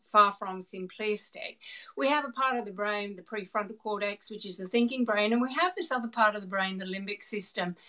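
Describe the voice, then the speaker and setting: A middle-aged woman with a New Zealand accent and a mid-range voice appears as a guest expert on a roughly recorded video call. Giving explanatory interview answers at length, she's animated, laughing now and then and repeating words as she works out her thoughts.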